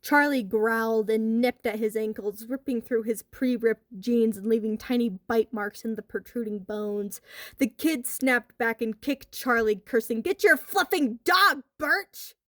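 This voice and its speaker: A woman tells a horror story with expressive, wry delivery. Her voice sits fairly high. The recording is close and dry, with no room sound. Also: unhurried, no echo. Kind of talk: dramatic horror story narration.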